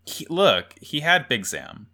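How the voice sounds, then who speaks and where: A man's voice: a little high, slow pace. A man co-hosting a podcast, joking and rambling in casual chat while tired. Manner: jokey, animated, rambling with fillers. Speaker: podcast co-host.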